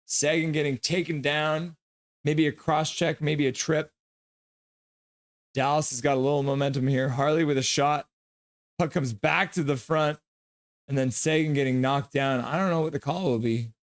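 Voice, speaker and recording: A man's voice: fairly high pitch, fairly even intonation, normal speed, no echo, clean studio sound. A man hosting a live stream, reading viewer comments aloud and giving jokey, chatty play-by-play of a hockey game.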